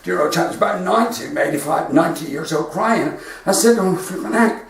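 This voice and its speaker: A man's voice: high-pitched, brisk. A man with a West Country accent doing chatty stand-up storytelling from his front room. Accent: West Country English. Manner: chatty storytelling with quoted dialogue. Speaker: stand-up comedian. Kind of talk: stand-up comedy livestream. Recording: very echoey room, distant mic, faint noise.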